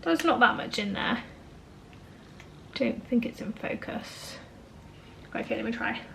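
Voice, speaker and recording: Tired, chatty woman, higher voice. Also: expressive, unhurried, vocal fry, fairly bright tone, a little hiss or hum, rough recording. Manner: chatty and self-deprecating, often laughing. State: tired, a little out of breath. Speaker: vlogger, homemaker. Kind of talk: casual kitchen vlog chat.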